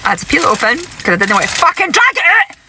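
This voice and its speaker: A woman's voice: extremely high pitch, very animated, fast, pushed and bright, slight background noise. A woman ranting angrily into her camera, swearing heavily and often checking in with "right?". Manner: exasperated, swearing, keeps asking "right?". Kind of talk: angry vlog rant.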